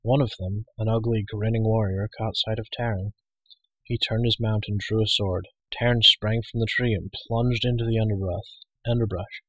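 A man narrates an audiobook in a steady, even storytelling manner. His voice is low and husky. The recording is dry and close on the mic. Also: moderate pace, no echo, muffled recording.

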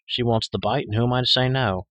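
A man's voice: medium pitch, quick pace, a bit bright, no echo, muffled recording, voice pushed up, close to an everyday voice. A man doing a snarling crude were-rat boss. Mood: taunting.

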